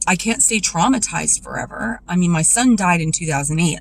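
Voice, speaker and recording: A woman vlogger speaking in a raw, emotional personal monologue, confessional and tearful, her voice dropping low when upset. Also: animated, fairly quick, creaky, slight background noise, low-quality recording.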